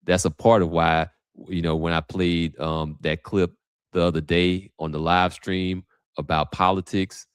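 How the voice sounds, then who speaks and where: Deep-voiced man on a livestream. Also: little pitch movement, a little slow, smooth, no room sound, clean studio sound. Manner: casual, thinking aloud with many restarts and fillers. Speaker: host. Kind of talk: livestream commentary.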